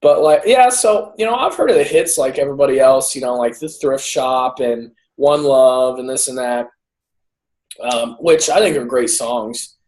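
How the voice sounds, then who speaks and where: A man's voice: medium pitch, moderate pace, a little mellow. A man co-hosting a podcast in casual chat, rambling through stories and laughing often. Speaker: podcast co-host; teacher. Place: lives in San Jose.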